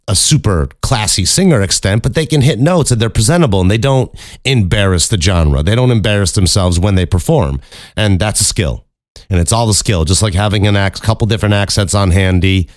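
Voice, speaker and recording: Male podcast host, deep voice, dry booth sound, loose swearing ramble. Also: no echo. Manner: candid, profane, rambling with frequent restarts. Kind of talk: casual solo podcast talk.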